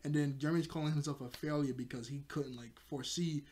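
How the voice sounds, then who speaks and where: A man's voice: fairly high pitch, steady tone, fast talker, a little mellow. A young man casually recapping a cartoon episode, rambling with lots of fillers and frequent laughs. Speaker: video reviewer.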